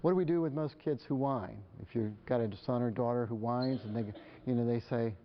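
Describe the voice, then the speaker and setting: A man giving a live presentation to parents, animated and acting out the exchanges between parents and children. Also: mid-range voice, brisk, a little hiss or hum. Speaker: speaker on parenting. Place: lecture hall. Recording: dull lo-fi live recording.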